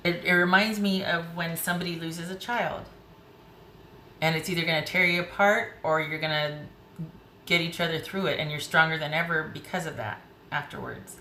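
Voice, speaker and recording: A woman's voice: deep voice, pushed and bright. A woman doing a casual tarot reading, chatty and emotional, thinking aloud as she turns the cards. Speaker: tarot reader. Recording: roomy with faint hiss.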